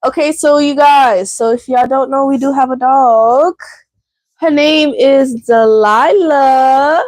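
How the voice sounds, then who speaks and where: A woman's voice: high-pitched, slow, a little mellow, no echo. A woman hosting a casual livestream at home, chatting with viewers and addressing them as y'all. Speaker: channel host. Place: home indoors.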